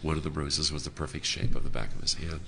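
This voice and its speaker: A man sharing his personal story as a speaker at a convention, earnest and halting with frequent "uh" fillers. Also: rumbling low, fairly even intonation, gravelly, noisy background. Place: hotel convention room.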